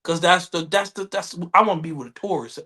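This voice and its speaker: A man from Maryland co-hosting a podcast in casual chat, animated and profane, repeating himself as he goes. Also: high-pitched, a little fast. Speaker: podcast co-host.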